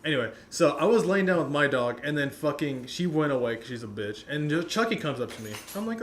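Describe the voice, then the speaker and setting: A man's voice: on the high side, lively intonation, a little fast, few pauses, slight background noise. A young man casually telling rambling, profane stories on a podcast and laughing often. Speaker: podcast host.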